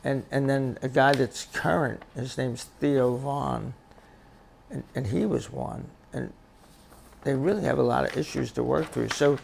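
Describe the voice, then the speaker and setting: An older man speaks very slowly, with a deeply gravelly, crackly voice at an ordinary pitch. He talks haltingly, often stumbling and repeating words, as a grandfather reflecting on his life. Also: a little mellow. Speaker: grandfather sharing life advice. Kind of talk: casual reflective monologue.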